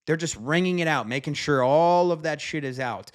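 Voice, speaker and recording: A man's voice: a little high, normal speed. A man casually reviewing an album, talking enthusiastically in a rambling way with frequent fillers and casual swearing. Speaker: music reviewer.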